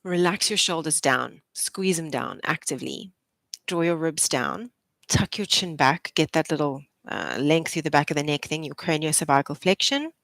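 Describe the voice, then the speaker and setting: A woman's voice: deep voice, moderate pace, gravelly, a bit bright, no room sound. A young adult woman, a physiotherapist, leading a live posture class with encouraging, chatty cues and frequent laughs. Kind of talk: live exercise class instruction.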